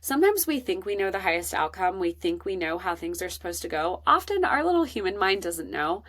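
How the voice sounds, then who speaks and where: A woman hosting a podcast, telling a personal parenting story in an earnest, emotional and expressive way. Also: on the low side, brisk. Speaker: podcast host.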